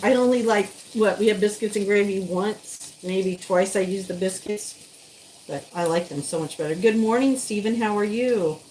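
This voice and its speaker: A woman's voice: medium pitch, normal speed, darkish tone, slight background noise, low-quality recording. A woman chatting to her viewers while she cooks on a live stream, sometimes stepping away from the mic. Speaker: live-stream cooking host. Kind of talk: casual live-stream cooking chat.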